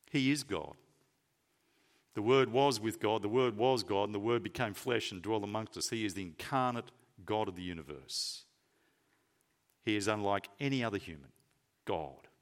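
Emphatic preacher, lively pitch. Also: male voice, normal speed. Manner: emphatic, swinging between loud stresses and soft low phrases. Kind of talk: sermon.

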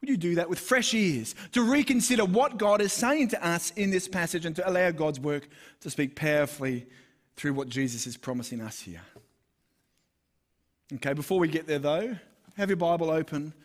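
Aussie pastor guy preaching, chatty, pokes fun at himself, voice sits a bit high. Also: animated, normal speed. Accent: Australian. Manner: conversational, self-deprecating storytelling. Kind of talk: sermon.

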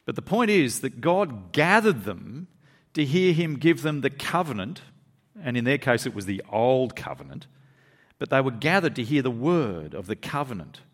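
A man preaching a sermon to his congregation, reading scripture aloud and pressing his points with quick asides. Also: in a large hall. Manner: animated preaching, pitch rising and dropping for emphasis, quick asides. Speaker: pastor.

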